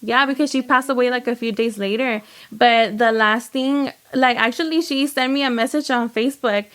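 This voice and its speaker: A young woman speaks in a fairly high voice. She tells her story in animated casual chat, acting out what people said and filling it with "like". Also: moderate pace. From United States. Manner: animated, lots of "like" and quoted dialogue. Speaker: guest, home baker and business owner.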